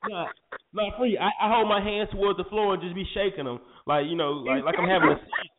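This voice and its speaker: A man's voice: high-pitched, fairly even intonation, fast. A man co-hosting a morning talk show, joking playfully with friends in casual banter. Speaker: radio show co-host. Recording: tinny phone line with faint noise.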